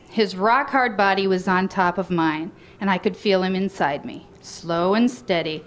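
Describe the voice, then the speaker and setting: A woman's voice: mid-range voice, slight background noise. A woman reading her own memoir aloud to a live audience in a bookstore, often breaking into laughter between lines. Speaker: guest reader at a book reading.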